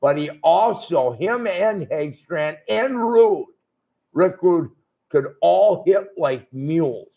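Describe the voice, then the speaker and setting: Gravelly, slow-talking older man. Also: a little high, animated, mellow. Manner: blunt, rambling, profane storytelling. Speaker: guest wrestler. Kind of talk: shoot interview storytelling.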